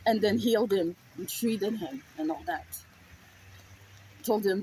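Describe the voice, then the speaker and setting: A woman's voice: medium pitch, unhurried, pauses often, warm tone, a little hiss or hum, rough recording. A woman telling a personal story in a raw, emotional, profane way.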